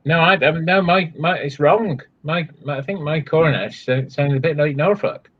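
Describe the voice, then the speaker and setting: A man's voice: on the high side, normal speed, phone-quality sound. A man chatting casually as a guest, cracking jokes and trying out regional accents. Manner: joking, tries out regional accents and quips. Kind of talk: casual chat.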